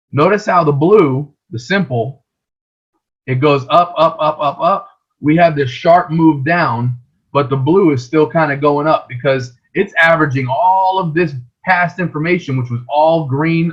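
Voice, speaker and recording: A man's voice: fairly high pitch, muffled recording. A man teaching a trading lesson over a shared screen, explaining patiently and often checking in with "right?".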